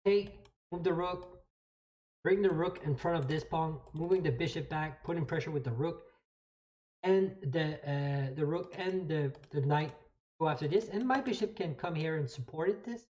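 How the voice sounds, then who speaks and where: A woman with a low, mellow voice streams a chess game at normal speed, explaining each move live as she plays. She often restarts and thinks aloud, and the audio has its highs cut off.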